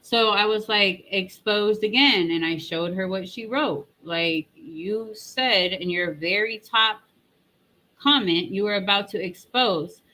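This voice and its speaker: A woman's voice: medium pitch, takes it slowly, bright, forceful tone, slight background noise, rough recording. A woman hosting a commentary channel, retelling an online argument in a sarcastic, mocking tone and reading out comments. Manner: rambling with fillers and restarts.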